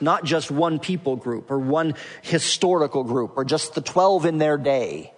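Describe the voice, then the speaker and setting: A man preaching a sermon, teaching from Scripture and building to emphatic, forceful points. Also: a little high, lively intonation, a little slow, few pauses. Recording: long hall reverb.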